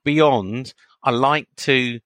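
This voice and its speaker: A man's voice: mid-range voice, extremely slow, fairly bright tone, dry recording. A man co-hosting a podcast, chatting casually, hesitant, defending himself with stammering restarts. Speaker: podcast co-host. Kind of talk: casual chat.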